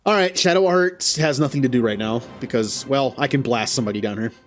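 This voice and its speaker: A man commentating a game as he plays, jumping from easy chatter to loud, high yelps whenever a fight turns bad. He talks straight to the characters on screen, with faint game music underneath. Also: brisk. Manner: excitable, yelps loudly at setbacks. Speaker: gaming channel host. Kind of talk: live gameplay commentary.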